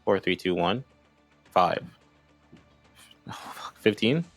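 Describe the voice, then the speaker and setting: A man's voice: deep voice, animated, slow pace, a bit bright, soft background music. A man playing a tabletop roleplaying game, laid-back and wry. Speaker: player. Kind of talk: casual tabletop play.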